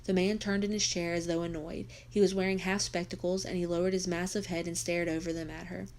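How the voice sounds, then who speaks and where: A woman, a teacher, reading a novel aloud for her students in a steady storytelling voice. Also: lowish voice, a little fast.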